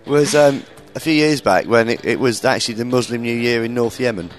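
A man in his late thirties, a comedian hosting a podcast, telling stories in casual chat, swearing freely and mimicking people in a high voice. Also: brisk. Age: 30s.

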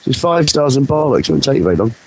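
A man's voice: mid-range voice, very animated, very fast, vocal fry, husky, poor audio. A man co-hosting a casual music podcast, cheeky and swearing as he chats with his mouth full. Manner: cheeky, swears, talks while eating. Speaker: podcast co-host. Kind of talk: casual radio banter. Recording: music playing behind.

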